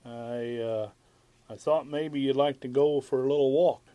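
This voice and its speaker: An actor playing a shy, lovelorn maestro neighbor with a hesitant, wry delivery in a 1950s radio sitcom. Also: male voice, medium pitch, steady tone, a little slow, warm tone, natural voice.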